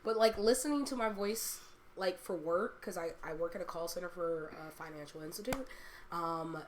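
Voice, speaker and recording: A woman's voice: fairly low pitch, moderate pace, a little hiss or hum. A young woman hosting a casual podcast chat, rambling and laughing often. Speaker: streamer and podcast host.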